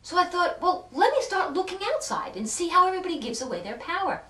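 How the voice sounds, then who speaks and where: A woman with a high voice tells a heartfelt personal story, earnest and full of dramatic pauses. She swings between hushed and loud passages. She sits back from the mic in an echoey room. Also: big pitch swings, far from the mic. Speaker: self-help speaker.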